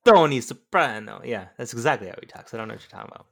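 A man's voice: fairly low pitch, steady tone, racing, vocal fry, fairly bright tone. A man co-hosting a film review podcast, chatting casually and teasing the others. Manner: playful, teasing. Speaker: podcast co-host. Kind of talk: casual chat.

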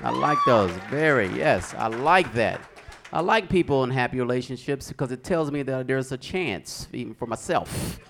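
A man's voice: medium pitch, normal speed, vocal fry, a little hiss or hum. A young man doing a stand-up comedy set on a club stage, telling stories and acting out the people in them. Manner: animated storytelling, acting out characters.

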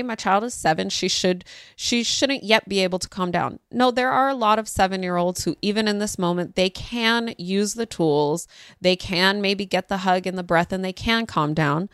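A woman, a parenting podcast host telling a story casually and acting out quoted voices with sudden pitch jumps. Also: fairly bright tone, clear, resonant tone, no room sound, clean studio sound.

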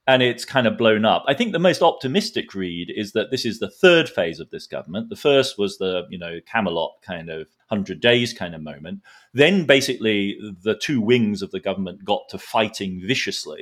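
A man's voice: fairly low pitch, expressive, moderate pace, fairly bright tone. A man giving a detailed, explanatory analysis in a podcast discussion, drawing analogies as he goes. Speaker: expert guest.

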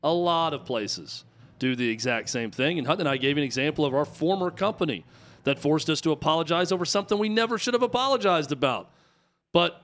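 A man's voice: fairly high pitch, fairly bright tone. A man co-hosting a sports talk radio show, arguing his point with emphatic, repeated rhetorical questions. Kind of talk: opinionated talk radio commentary.

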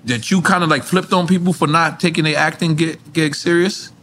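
A man's voice: a little high, steady tone, fairly quick, fairly bright tone, slight background noise. A man hosting a podcast, bantering and joking in a loose way. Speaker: podcast host. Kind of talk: casual chat.

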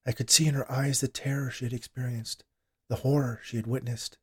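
A man voicing a calm, eerie female nurse who speaks matter-of-factly. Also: mid-range voice, brisk, husky, voice pushed up, close to an everyday voice. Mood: grim.

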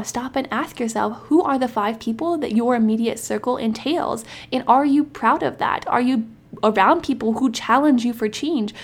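A young woman in her twenties hosts a podcast and talks in an upbeat, emphatic way. Her voice sits a little high. She addresses listeners directly with steady encouragement. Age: 20s. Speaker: podcast host. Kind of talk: motivational podcast monologue.

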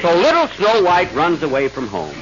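A man narrates a 1930s radio comedy sketch with dry, wry asides, his pitch leaping widely. The old broadcast recording is dull and full of hiss. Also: wildly swooping pitch, normal speed. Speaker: host and narrator.

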